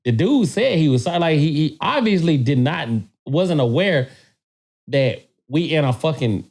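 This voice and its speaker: Man, casual podcast storytelling, animated and profane, stumbling repeats, dark mellow voice. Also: a little high, normal speed. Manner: animated, profane, repeats words when excited.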